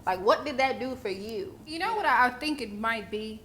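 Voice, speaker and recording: A woman's voice: fairly high pitch, lively intonation, normal speed, a bit bright. A young woman. She is sassy, blunt and freely profane. A faint hiss of noise sits under the recording. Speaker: vlogger commentator. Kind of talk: casual commentary.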